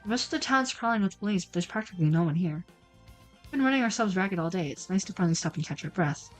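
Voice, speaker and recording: A woman's voice: mid-range voice, expressive, quick pace, soft background music, pitched below the performer's own voice, natural voice. A woman voicing a playful, cheeky young male police officer in a video game, with a bouncy, teasing delivery. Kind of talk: reading a video game aloud.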